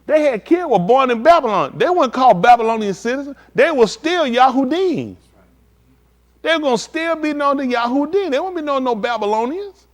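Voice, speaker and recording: A man preaching a live-streamed sermon in loose, slangy street talk, animated and emphatic. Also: very high voice, normal speed.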